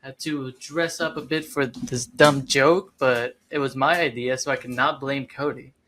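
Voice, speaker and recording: Male podcast co-host, easygoing, rambling, mid-pitched voice. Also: normal speed, a little hiss or hum. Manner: relaxed, rambling with many "like" fillers. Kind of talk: casual podcast chat.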